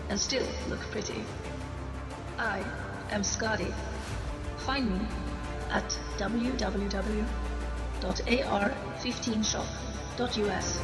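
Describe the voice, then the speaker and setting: A woman's voice: mid-range voice, close to an everyday voice. A woman voicing a fierce, self-assured talking rifle in a radio ad, chanting its own name assertively. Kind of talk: radio advertisement. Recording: echoey ad with loud music. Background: loud music.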